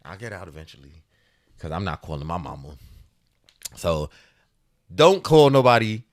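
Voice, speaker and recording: A man in his thirties, a podcast co-host telling a story in casual chat, animated and laughing often as he acts out the voices. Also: low-pitched, normal speed.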